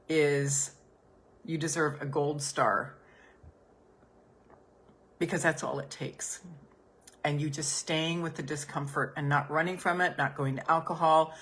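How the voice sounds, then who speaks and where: A woman podcast host and business coach leading listeners through a gentle healing exercise, soothing and repetitive. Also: low voice. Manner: soothing, gentle, repeats phrases softly.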